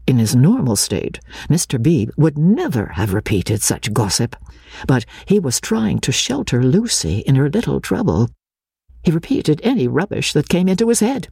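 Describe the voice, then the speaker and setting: A woman's voice: low-pitched, moderate pace, creaky, breathy edge, dry recording, studio quality. A woman giving a dramatic reading of a classic novel, voicing each character as she narrates. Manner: expressive, gives each character a voice.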